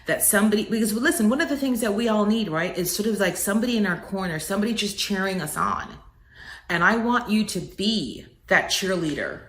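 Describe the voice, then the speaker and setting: A woman's voice: medium pitch, animated, brisk, a bit bright, reverberant. A middle-aged woman giving an earnest, preacher-like motivational message, swelling on key words. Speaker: inspirational speaker.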